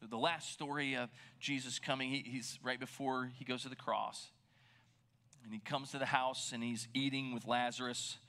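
A man preaching a sermon in a conversational, animated way, sometimes dropping to a near whisper for emphasis. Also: mid-range voice, moderate pace. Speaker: pastor.

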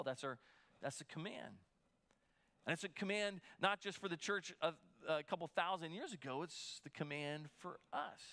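A man's voice: high voice, fairly bright tone. A man preaching a sermon as pastor, conversational and given to repeating words as he restarts.

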